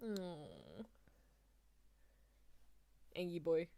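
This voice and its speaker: A woman's voice: lowish voice, wildly swooping pitch, drawn-out words, dark tone, slight background noise. A woman streaming a casual anime watchalong, chatting and giggling with her chat in rambling asides. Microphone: desk mic adjusted mid-stream.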